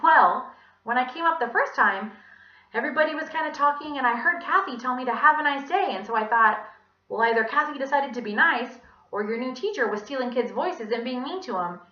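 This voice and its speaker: A woman's voice: sits high, animated, brisk, sharp tone, voice pushed up. A woman doing an eager schoolboy explaining himself. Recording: echoey room, dull lo-fi sound.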